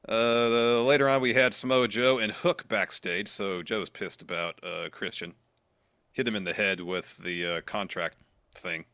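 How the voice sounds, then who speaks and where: A man's voice: on the low side, unhurried, clear, resonant tone, no room sound. A man co-hosting a wrestling podcast, telling what happened in the matches step by step. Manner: steady play-by-play storytelling. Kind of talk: recapping matches.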